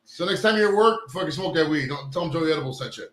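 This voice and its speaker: A man's voice: a little high, lively intonation, fast, a bit bright. Profane rambling man hosting live. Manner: profane, rambling, fixes gear on air. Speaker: live show host. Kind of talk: casual live-stream chat. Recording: roomy echo.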